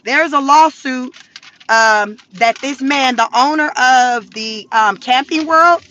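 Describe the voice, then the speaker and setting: Animated high-voiced Southern woman. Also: slow, a little hiss or hum. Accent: Southern American. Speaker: commentary vlogger. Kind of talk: casual commentary to viewers.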